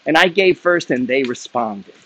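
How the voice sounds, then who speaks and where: A man's voice: mid-range voice, animated, normal speed, a bit bright, no echo. A middle-aged man ranting bluntly and profanely about building wealth, lecturing his viewers with rising heat. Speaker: wealth-building content creator. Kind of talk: unscripted rant to camera.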